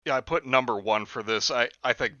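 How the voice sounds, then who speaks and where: A man's voice: medium pitch, fairly quick, bright, forceful tone, no room sound. A man hosting a late-night stream, chatting in a laid-back, wry way. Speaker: streamer reading a book. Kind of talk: casual stream chat. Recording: dry, lo-fi stream audio.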